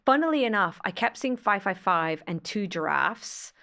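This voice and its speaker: A woman's voice: mid-range voice, animated, moderate pace, vocal fry, sharp tone. A woman hosting a podcast, talking in a chatty, agreeable, rambling way. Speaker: podcast host. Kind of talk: casual podcast conversation.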